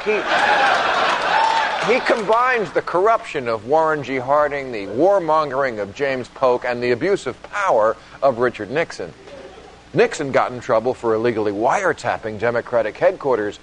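A man's voice: mid-range voice, lively intonation, moderate pace, slight background noise, rough recording. A man hosting a comedy show, delivering a sarcastic, mock-indignant satirical monologue. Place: studio stage before a live audience. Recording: stage mic with loud live audience.

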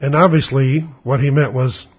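A man's voice: medium pitch, fairly even intonation, normal speed, breathy edge. An older man telling a rambling personal story in a blunt, sarcastic, casual way. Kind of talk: casual spoken monologue. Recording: dull lo-fi recording.

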